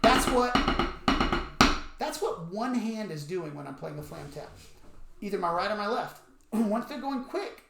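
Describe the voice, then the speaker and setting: Over loud music, a man with a high-sitting, gravelly, sing-song voice leads an instructional drum demonstration at a measured pace, leaving long pauses. He explains the technique and calls out strokes and counts as he plays, with a roomy echo and loud stick clicks on a practice pad.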